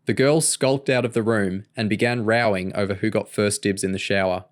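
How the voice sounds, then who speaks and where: A man reading a novel aloud in an even, steady narration. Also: fairly low pitch, normal speed, hardly any pauses. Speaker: audiobook reader.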